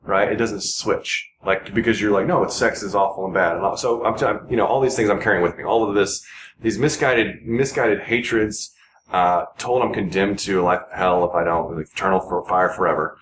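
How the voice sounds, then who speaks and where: Earnest, halting man in an echoey room. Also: on the low side, steady tone. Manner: earnest, rambling, halting with many restarts. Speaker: podcast guest. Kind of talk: casual podcast conversation. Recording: echoey room with noticeable background noise.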